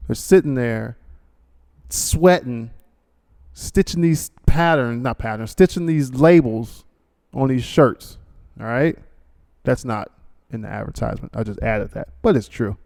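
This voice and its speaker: Guy hosting his podcast, gravelly, rambling and joking with lots of uhs. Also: medium pitch, a little slow, long pauses, darkish tone. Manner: rambling, full of fillers and asides, ad-libs jokingly. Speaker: podcast host. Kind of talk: casual monologue with a read sponsor ad.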